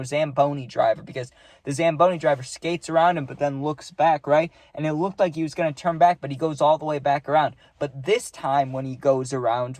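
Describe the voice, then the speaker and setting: A man's voice: mid-range voice, darkish tone, no room sound. A young man casually telling a rambling story, full of fillers, acting out what he saw. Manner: rambling, filler-heavy, acts out the scene.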